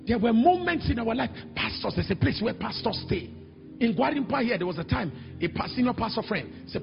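A middle-aged man with a Nigerian accent preaching a sermon, telling stories and acting out other voices, sometimes shouting. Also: high-pitched, quick pace, vocal fry. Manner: animated, acts out quoted voices, sudden shouts. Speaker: pastor. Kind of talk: sermon with storytelling. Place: large church hall. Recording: echoey hall, dull sound, faint music.

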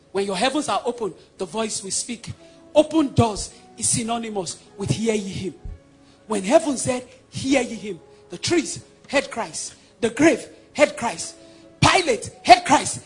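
A man from Nigeria with a Nigerian accent preaching a sermon, emphatic and swinging between loud declarations and hushed passages. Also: very high-pitched, expressive, a little slow, husky, soft background music.

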